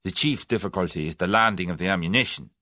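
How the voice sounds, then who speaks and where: A man's voice: deep voice, fast, bright, forceful tone, no room sound, studio quality. A man voicing a demanding Irish conspirator with a rich Irish accent. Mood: insistent.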